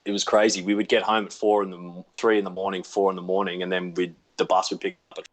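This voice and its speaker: This is a relaxed Australian man chatting as a guest from his home over a video call. His voice sits fairly low, and he tells his stories with a self-deprecating, unhurried ease. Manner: laid-back, self-deprecating storyteller. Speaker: actor guest. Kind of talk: casual chat.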